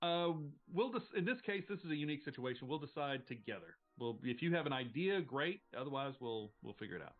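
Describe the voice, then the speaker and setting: A man's voice: mid-range voice, animated, fast talker, hardly any pauses, phone-quality sound, faint music behind. A man running a tabletop game as game master, narrating casually, rambling and swearing freely.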